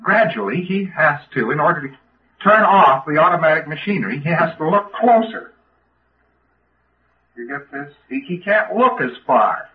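A man's voice: fairly high pitch, big pitch swings, moderate pace. A man giving an informal lecture to trainees in a folksy, emphatic way, often restarting his sentences. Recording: tinny lo-fi old tape.

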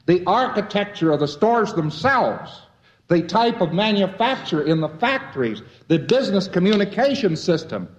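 A man lecturing with wry, folksy asides and a rambling, storytelling flow. His voice sits a touch high for a man. It comes through a dull, lo-fi old recording. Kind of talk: lecture to a live audience.

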